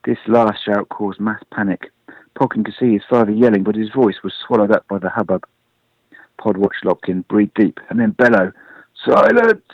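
A man reads a storybook aloud in a lively, expressive way. His voice sits low and dry, with a dull lo-fi radio sound. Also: moderate pace, no echo. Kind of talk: storybook reading.

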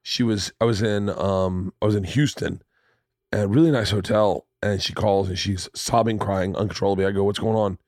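Male podcast host, 30s, animated swearing storyteller, dry close mic. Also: lowish voice, moderate pace, no room sound. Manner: animated, profane storyteller who acts out quotes. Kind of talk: casual conversation, storytelling. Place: home studio room.

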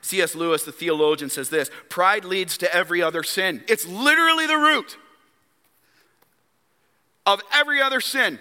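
A man's voice: sits high, expressive, normal speed, pauses often, pushed and bright, clear, resonant tone. A man preaching a sermon as pastor, emphatic and calling on the congregation to respond. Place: church sanctuary. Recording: long hall reverb.

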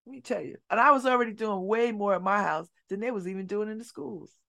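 A middle-aged woman hosting a community radio show, telling stories in an animated way and dropping her voice low and soft for emphasis. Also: quick pace, gravelly. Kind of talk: casual talk radio monologue. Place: radio studio.

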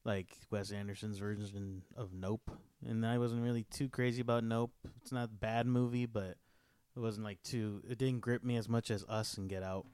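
A man chats about films as a podcast guest. His voice sits low and sounds smooth and clear, recorded dry and close. He talks in an easygoing, hesitant way with filler words. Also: little pitch movement, normal speed, darkish tone, dry recording. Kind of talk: casual film chat.

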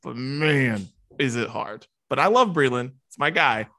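A man's voice: medium pitch, lively intonation, measured pace, sharp tone. A young man co-hosting a casual music podcast, easygoing and self-deprecating, laughing often. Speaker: podcast co-host.

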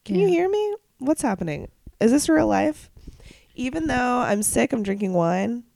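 A woman co-hosting a podcast, talking casually while stuffed up with a cold, chatty and quick to laugh at herself. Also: on the high side, very animated, gravelly, warm tone. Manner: giggly, chatty, self-mocking. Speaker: podcast co-host. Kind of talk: casual chat.

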